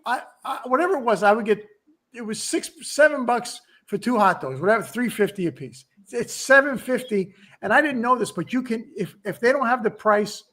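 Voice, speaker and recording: A man in his sixties hosts a casual podcast chat with a rather high-pitched voice. He rambles through stories, restarting sentences and dropping asides as he goes. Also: a bit bright. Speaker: podcast host.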